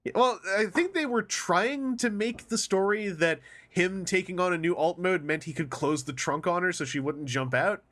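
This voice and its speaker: Animated man with a higher voice. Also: moderate pace. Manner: animated, acts out quoted lines in exaggerated voices. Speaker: podcast panelist. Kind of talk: casual roundtable chat.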